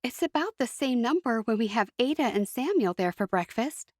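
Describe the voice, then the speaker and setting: Indignant young Amish woman read by a woman, raised voice, lively, dry sound. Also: fairly high pitch, moderate pace, dry recording, pitched above the performer's own voice.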